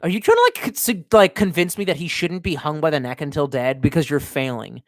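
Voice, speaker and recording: A man from the United States streaming from his basement, reading chat aloud and ranting with profanity, talking to himself and breaking into sudden yells. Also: on the high side, fairly quick, no echo, clean studio sound. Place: home basement room.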